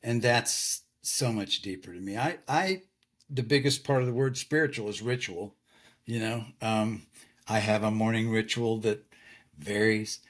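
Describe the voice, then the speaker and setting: A man's voice: lowish voice, unhurried. A man in his sixties, a podcast guest, talking candidly and reflectively in casual conversation, with a loose storytelling way of speaking.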